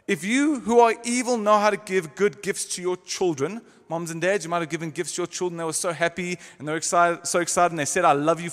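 A man preaching a sermon in a church, stressing words by slowing down and changing his volume. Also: high voice, fairly bright tone. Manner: emphatic, varies pace and volume for stress. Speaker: pastor. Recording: long hall reverb.

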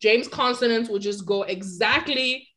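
A woman talking casually on a podcast, chatty and animated, laughing easily as she discusses. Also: a little high, unhurried. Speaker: podcast co-host. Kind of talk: casual chat about motor racing.

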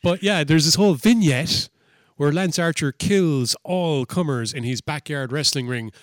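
A man co-hosting a casual wrestling chat. He talks in an animated way, swears freely and acts out what others said. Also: a little high, normal speed, dry recording, studio quality. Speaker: podcast co-host.

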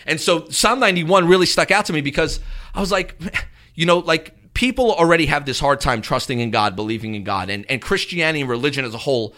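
A man, a pastor hosting a radio talk show, chatting and preaching in an animated way. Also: fairly high pitch, fast talker. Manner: animated, conversational, acts out quotes.

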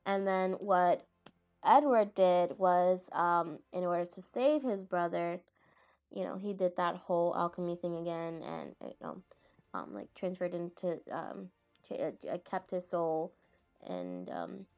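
An anime vlogger chats casually about anime in a lowish, gravelly, slightly mellow voice. She rambles, laughs and frequently stops to correct herself.

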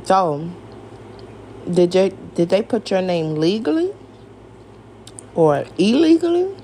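Animated, profane woman ranting with gravelly edges. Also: mid-range voice, slow pace, slight background noise. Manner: animated, profane, exasperated, rhetorical questions. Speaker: podcast host. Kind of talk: casual rant.

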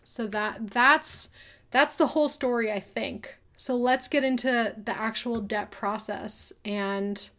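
A woman's voice: on the high side, slow pace, fairly bright tone. A young woman talking casually and candidly about her own experience, at times emotional. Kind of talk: personal storytelling monologue.

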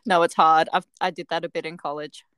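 A woman's voice: sits low, level tone, fairly quick, a bit bright, smooth, no room sound. A young woman with an Australian accent, a podcast guest chatting casually with short, dry answers. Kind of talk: casual chat.

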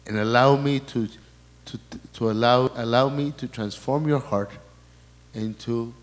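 Male priest at a middle pitch, preaching in a halting, restarting way, heard in a long hall echo. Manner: halting, restarts and repeats words, relays quoted messages. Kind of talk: sermon talk.

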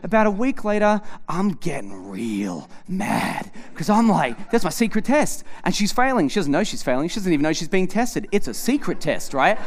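A man with a fairly high voice preaches a comic sermon in a church. He tells stories animatedly, acting out both sides of each conversation. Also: sing-song, normal speed, few pauses. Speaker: pastor. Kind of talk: humorous sermon.

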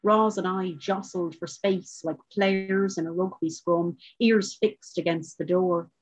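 Brief: woman author reading, measured and wry, low husky voice, muffled sound. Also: fairly even intonation. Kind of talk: reading a short story aloud. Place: book launch.

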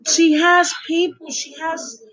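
A middle-aged woman chatting to her viewers on a call, animated as she retells a funny guy's videos and quotes him loudly. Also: extremely high pitch, slow pace, crowd noise, rough recording. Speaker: vlogger talking to viewers. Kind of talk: casual chat on a call.

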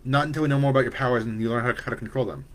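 A man reading the part of a worried, loving young mother who speaks gently but firmly to her son. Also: mid-range voice, racing, natural voice. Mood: firm, gentle.

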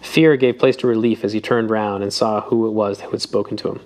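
A man reading a novel aloud in a measured, even narration. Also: fairly low pitch. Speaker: audiobook reader. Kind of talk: scripted narration.

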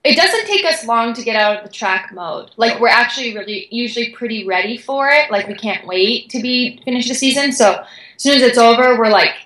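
A young woman guest, an athlete, telling a story in an excited, chatty way with many "like"s. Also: fairly high pitch, a little fast, reverberant, poor audio. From Canada. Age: young adult. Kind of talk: animated storytelling.

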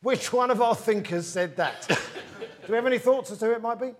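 A man hosting a comedy football quiz in front of a live audience, with quick, jokey patter. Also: very high voice. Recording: live audience laughing behind. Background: audience laughter.

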